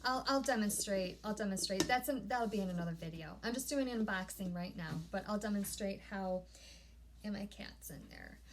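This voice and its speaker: A woman vlogging a casual unboxing at home, gushing and easily excited, often breaking off mid-sentence. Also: medium pitch, normal speed, a little hiss or hum. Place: home room.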